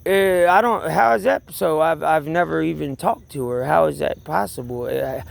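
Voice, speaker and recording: A man with a high, gravelly voice tells his side of a story in a rambling rant. He sounds agitated and swears freely, circling back to repeat his point and restarting his sentences. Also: normal speed. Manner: agitated, profane, repeats himself, many restarts. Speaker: vlogger. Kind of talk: rambling personal rant to camera.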